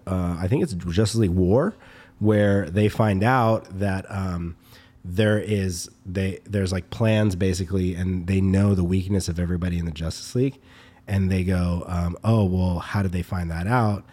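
A young man chats casually as a podcast co-host. He talks freely and laughs easily. His voice sits a bit low. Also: fairly even intonation, normal speed, mellow. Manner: chatty, easily amused. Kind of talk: casual chat.

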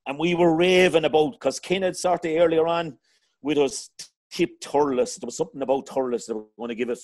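A man's voice: on the high side, a little fast, darkish tone. A middle-aged Irish man hosting a casual sports chat, rambling and talking to his panel as lads. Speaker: podcast host.

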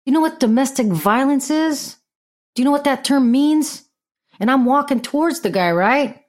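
A woman hosting a podcast, telling a story in a blunt, profane, animated way. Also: high voice, moderate pace. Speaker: podcast host. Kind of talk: casual storytelling monologue.

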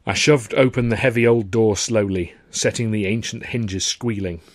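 A man's voice: on the low side, moderate pace, no echo. A man reading his own novel aloud, narrating with dry, wry timing and acting the dialogue. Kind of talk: audiobook narration.

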